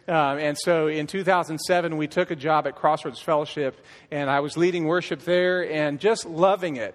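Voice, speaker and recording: A middle-aged man with a somewhat high voice shares his testimony as a worship leader, and he tells it as a lively story. He acts out conversations and restarts his sentences often. His voice carries a long reverb from a church hall. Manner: storytelling, acting out dialogue, frequent restarts. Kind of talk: personal testimony from a church stage. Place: church stage.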